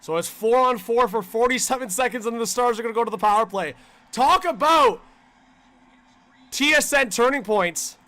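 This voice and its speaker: A man hosting a livestream and calling the game play by play as a fan. He talks in a casual, slangy way to his chat and breaks into excited shouts on big plays. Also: very high voice, moderate pace. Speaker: livestream host.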